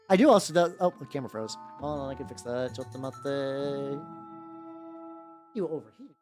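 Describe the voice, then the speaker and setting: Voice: medium pitch, big pitch swings, moderate pace. A streamer from the United States chatting casually while painting miniatures, rambling and swearing often. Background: faint background music.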